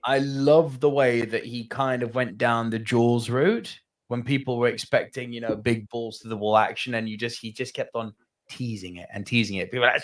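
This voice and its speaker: A man co-hosting a movie podcast in casual chat, animated and swearing freely. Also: medium pitch, moderate pace. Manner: animated, swearing, bursts into loud laughter. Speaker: podcast co-host.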